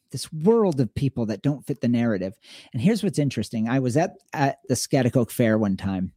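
A man co-hosting a podcast, talking casually and telling animated stories in which he acts out the people he quotes. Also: mid-range voice, breathy edge, dry recording, studio quality. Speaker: podcast co-host.

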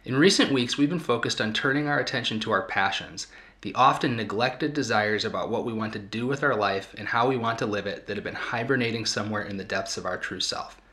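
Earnest man with a bright, low voice. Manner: earnest, thoughtful, pauses to find words. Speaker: host and therapist. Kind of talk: reflective live talk to an audience.

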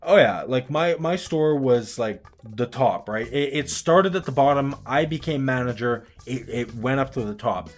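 Young guy on a podcast ranting through a story, cusses a lot, does the voices, soft music under it. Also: mid-range voice, normal speed, few pauses. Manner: animated, swearing, acts out quotes. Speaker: podcast co-host. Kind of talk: casual storytelling chat.

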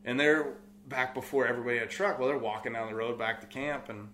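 A man's voice: mid-range voice, steady tone, fast, fairly bright tone, a little hiss or hum. A young man with a Californian accent telling a hunting story in casual conversation, rambling with lots of fillers. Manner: rambling, many "like" fillers, acts out quotes. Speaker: guest, outfitter business owner.

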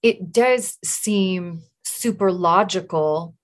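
A woman hosting a casual podcast conversation, animated when telling stories and quick to laugh. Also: lowish voice. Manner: animated storyteller, laughs easily.

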